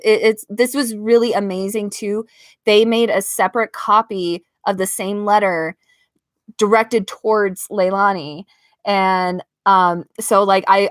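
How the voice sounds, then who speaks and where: A woman's voice: mid-range voice, dry recording. Woman, 30s, casual live-streamer and proud parent; gushes, laughs, tears up; dry bedroom mic. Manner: emotional, gushing, laughs often, chokes up. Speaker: livestreaming vlogger, parent. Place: her bedroom at home.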